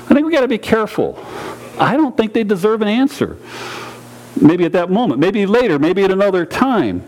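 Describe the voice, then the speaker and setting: A pastor preaching a sermon in a church, earnest and direct, repeating key phrases and putting questions to the congregation. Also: male voice, high-pitched, sing-song, a little fast, a little mellow, low-quality recording.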